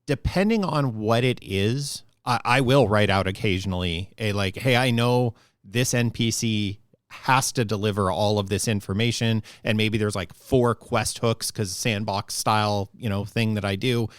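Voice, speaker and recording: A man's voice: lowish voice, normal speed, no echo, clean studio sound. A man co-hosting a podcast, chatting casually about running tabletop games and thinking aloud with asides. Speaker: podcast co-host.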